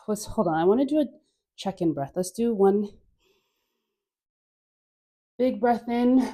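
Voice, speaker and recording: A woman leads a dance session in an unhurried, drawn-out way, her voice mellow and warm. She coaxes and teases playfully, laughing often and breathing out audible sighs between her cues. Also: mid-range voice, lively intonation. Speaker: dance instructor. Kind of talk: guided dance class.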